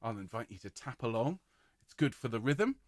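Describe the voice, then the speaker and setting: A man directing a choir rehearsal, giving clear, encouraging instructions and singing out rhythms to demonstrate them. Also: mid-range voice, big pitch swings, brisk, no echo, studio quality.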